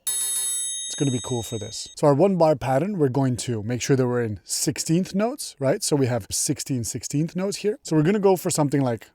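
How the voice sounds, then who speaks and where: A man's voice: mid-range voice, lively intonation, normal speed, warm tone, no room sound. A man teaching music production in a casual, chatty tutorial, upbeat and enthusiastic. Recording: music playing behind.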